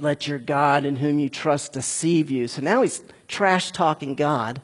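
A man preaching a conversational, animated sermon, speaking directly to his congregation. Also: a little high, measured pace, few pauses, slightly rough, long reverb tail. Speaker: pastor.

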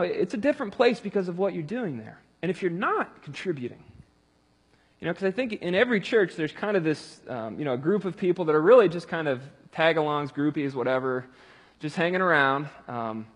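A man with a somewhat high, husky voice gives a relaxed, conversational sermon, full of fillers and restarts. His words ring with a long reverb, as if in a large hall. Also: brisk. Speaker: pastor.

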